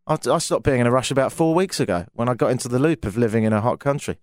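A man's voice: medium pitch, expressive, rapid-fire, hardly any pauses, dry recording, studio quality. A British man hosting a talk radio show, telling rambling stories with wry, exasperated asides. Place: radio studio.

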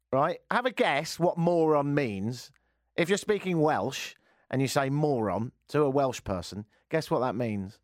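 A male talk radio host who chats in a joking, teasing way. His pitch moves around in a lively way, and the studio microphone sounds dry and close. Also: moderate pace, no echo. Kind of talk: casual talk radio chat.

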